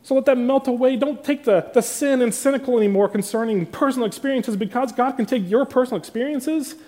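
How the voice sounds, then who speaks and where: A man's voice: very high voice, fairly quick, a little mellow. A male pastor preaching a morning sermon, reading scripture and then driving his point home with emphatic, building intensity.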